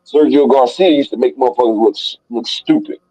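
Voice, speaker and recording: A man hosting a casual boxing talk stream, profane and excitable as he rattles off dream fights. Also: medium pitch, a little fast, highs cut off. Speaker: boxing talk show host. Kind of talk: casual live stream banter.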